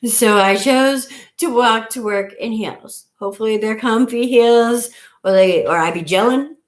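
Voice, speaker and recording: A woman's voice: a little high, measured pace. Rambling woman hosting a live stream. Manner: rambling, chatty, trails off while counting. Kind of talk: casual live stream chat. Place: at home, camera on a table. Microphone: device camera on a table.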